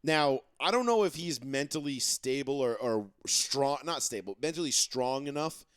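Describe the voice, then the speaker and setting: Animated, profane male sports-talk host. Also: mid-range voice, moderate pace, smooth, no echo, studio quality. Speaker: podcast host. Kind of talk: casual sports talk chat.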